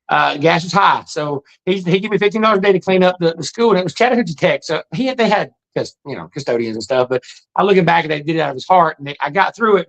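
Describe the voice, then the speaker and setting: A man's voice: high-pitched, fairly bright tone, dull audio. A middle-aged man, telling his own life story in a plain-spoken, earnest, folksy way. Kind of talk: casual storytelling monologue.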